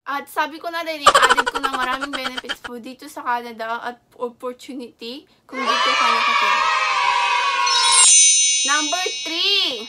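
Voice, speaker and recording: A woman's voice: high voice, expressive, normal speed, heavy background noise. A woman from the Philippines chatting casually in a vlog, switching between Tagalog and English. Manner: mixes Tagalog and English, upbeat greetings. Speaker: vlogger. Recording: loud background music.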